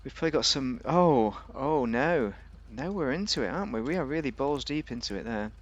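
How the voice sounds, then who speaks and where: A man's voice: medium pitch, lively intonation, fairly quick, muffled recording. A man giving a casual, rambling, jokey commentary while reviewing a car in a video game.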